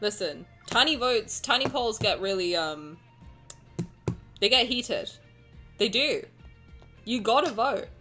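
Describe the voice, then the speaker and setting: A woman streamer chatting casually with her viewers, excitable and gushing, swearing freely. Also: a little high, slow pace, pauses often, soft background music. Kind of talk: casual livestream chat.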